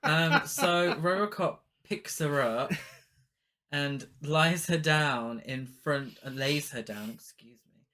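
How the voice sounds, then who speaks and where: A man's voice: on the high side, takes it slowly, sharp tone. A man co-hosting a podcast, casually recapping a film's plot with dry jokes and the odd swear word. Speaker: podcast co-host. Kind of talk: casual film review chat.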